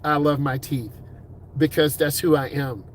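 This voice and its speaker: Male driving instructor, middle-aged, slightly high voice, upbeat and encouraging, casual delivery. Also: steady tone, a little hiss or hum. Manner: upbeat, encouraging, puts on quick voices for quoted people. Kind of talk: casual advice talk to camera.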